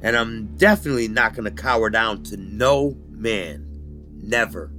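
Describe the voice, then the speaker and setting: A man tells his life story in a candid interview, blunt and full of street slang. His voice is forceful and tense, with faint music under it. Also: fairly low pitch, expressive, moderate pace. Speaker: interviewee recounting his youth.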